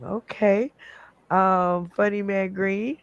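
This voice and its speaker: Male comedy host, high pitch, laid-back pace, laughs a lot, rambles, video call. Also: fairly even intonation, slow pace, gravelly, clear, resonant tone, no room sound, dull audio. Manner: laughs often, rambling with fillers. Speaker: game show host. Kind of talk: casual comedy hosting.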